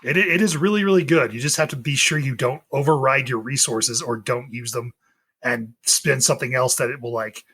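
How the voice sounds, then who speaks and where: A podcast co-host in casual chat, relaxed and a bit hesitant, with many fillers. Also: medium pitch, brisk, slightly rough.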